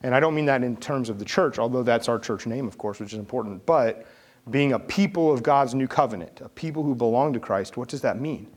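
A middle-aged man preaching a sermon from the United States, talking in a relaxed, conversational way and telling a personal story with lively delivery. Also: fairly quick, husky. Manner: conversational, animated storytelling with rising pitch in quoted dialogue. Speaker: pastor.

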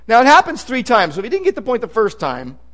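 Male pastor, high voice, conversational and emphatic sermon delivery with scripture readings. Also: huge pitch swings, fast, a bit bright.

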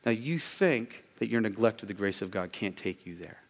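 A man's voice: fairly low pitch, expressive, normal speed, few pauses. Emphatic male pastor in a reverberant hall. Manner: emphatic, repeats words when starting sentences. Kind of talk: sermon. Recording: long reverb of a large hall.

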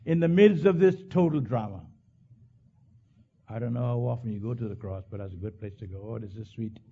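A male pastor preaching a sermon, swinging from hushed low lines to loud high bursts. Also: a little fast, lo-fi sound, slight background noise.

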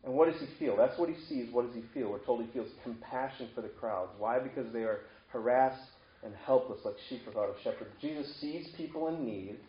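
A man's voice: medium pitch, fairly quick. Conversational male pastor, echoey room. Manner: conversational preaching with rhetorical questions. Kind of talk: sermon. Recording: echoey room, dull lo-fi sound.

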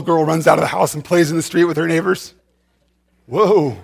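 Male pastor, chatty sermon delivery, slightly high voice, trips and restarts. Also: steady tone, moderate pace, gravelly, husky. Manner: conversational, repeats words and restarts.

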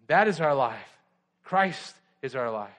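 A man preaching a sermon as pastor, earnest and fervent, dropping to hushed passages. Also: medium pitch, lively intonation, slow pace.

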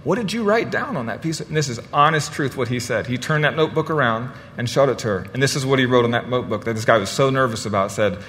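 A man's voice: mid-range voice, quick pace, hardly any pauses, fairly bright tone, big-room sound. A man giving a sermon in a lighthearted, storytelling way, often repeating words as he finds his place. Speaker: guest preacher.

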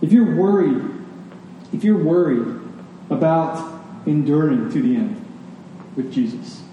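A man's voice: a little high, animated, a little slow, dark tone, dull audio, a little hiss or hum. A man preaching a sermon as a pastor, emphatic and rhythmic, leaning on key words. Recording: echoey hall, distant mic.

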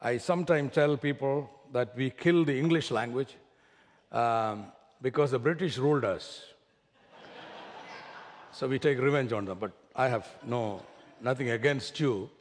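A man's voice: mid-range voice, measured pace. Man, Indian accent, from South India, bishop preaching, light joking manner, reverberant sanctuary. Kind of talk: sermon opening. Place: church sanctuary. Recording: reverberant church hall.

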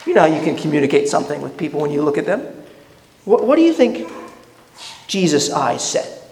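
A man's voice: a little high, big pitch swings, brisk, darkish tone, slight background noise. A man preaching a sermon as pastor, earnest and questioning, often restarting his words. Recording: echoey hall reverb.

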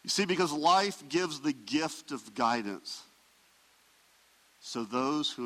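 A male pastor delivers his sermon with emphatic swells and hushed drops. His voice sits a little high and sounds bright and forceful. A long reverb trails after his words, as in a large sanctuary. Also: animated, slow pace, pauses often.

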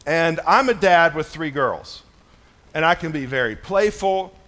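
High-voiced man preaching casually, with many fillers. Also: expressive, measured pace, fairly bright tone. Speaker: pastor. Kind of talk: sermon. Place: church.

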